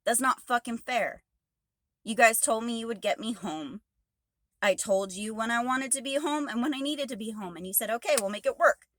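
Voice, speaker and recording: A woman's voice: fairly high pitch, a little fast, a bit bright, no room sound. A woman truck driver ranting angrily to camera, swearing heavily and exasperated. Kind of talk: angry rant to camera.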